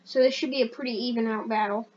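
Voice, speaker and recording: A woman giving casual, rambling gameplay commentary as a channel host, excitable and self-deprecating. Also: fairly high pitch, fast, muffled recording, slight background noise.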